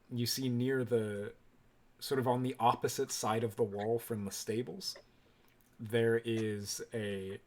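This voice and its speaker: A man narrating a tabletop game as dungeon master, relaxed and full of ums and uhs. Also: medium pitch, a little hiss or hum.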